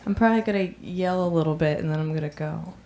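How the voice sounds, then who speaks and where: A woman in her thirties doing a stand-up set on a club stage, deadpan with dark jokes, laughing at her own lines. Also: low-pitched, quick pace. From United States. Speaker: stand-up comic.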